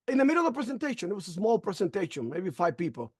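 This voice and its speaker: Man, testimonial storyteller, animated and emotional, lively pitch, dry close sound. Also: very fast, breathy edge, no echo. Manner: animated, acting out conversations, stumbling fillers; emotional, faith-filled. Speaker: member sharing a testimonial.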